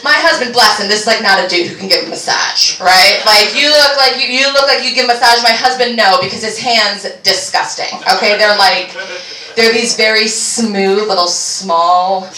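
A woman doing a stand-up comedy set, brash and crude, with sudden shouts and squeals. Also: medium pitch, moderate pace. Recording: echoey room from far off.

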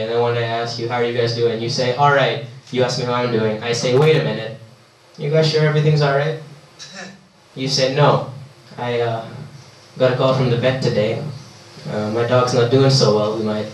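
Deadpan man doing stand-up. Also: medium pitch, a little hiss or hum. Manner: deadpan storytelling with halting restarts. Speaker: stand-up comedian. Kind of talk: stand-up comedy set. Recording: echoey room, far from the mic.

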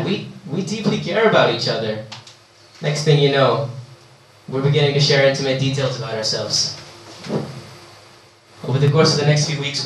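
Deadpan man doing stand-up. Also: medium pitch, a little hiss or hum. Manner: deadpan storytelling with halting restarts. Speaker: stand-up comedian. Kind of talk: stand-up comedy set. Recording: echoey room, far from the mic.

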